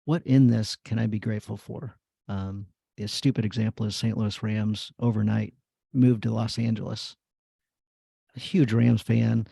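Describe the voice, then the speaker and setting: Man, podcast host, dark gravelly voice, rambling casual storytelling, lots of fillers. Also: lowish voice, steady tone, unhurried, no room sound. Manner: rambling storytelling, many "you know" fillers. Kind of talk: casual chat.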